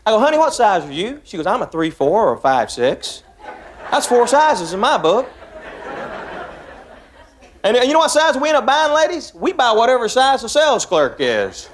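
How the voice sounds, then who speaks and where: A man's voice: very high voice, big pitch swings, moderate pace, slight background noise. A man from Tennessee, performing a stand-up comedy set and joking casually with the crowd on a theater stage. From Tennessee, USA.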